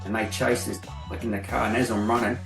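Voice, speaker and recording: A man's voice: on the low side, flat delivery, quick pace, gravelly, fairly bright tone. A man with an Australian accent, a guest telling rambling stories in a casual interview. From Seven Hills, Sydney, Australia. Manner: rambling anecdotal storyteller, acts out quotes. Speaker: guest graffiti artist. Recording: roomy, distant mic with faint music.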